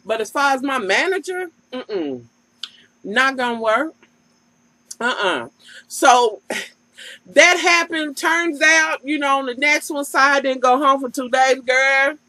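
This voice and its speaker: A woman's voice: high-pitched, animated, slow pace, pushed and bright, no echo, low-quality recording. A woman vlogger giving a sassy, profane, casual recap of a reality TV show and talking straight to the cast.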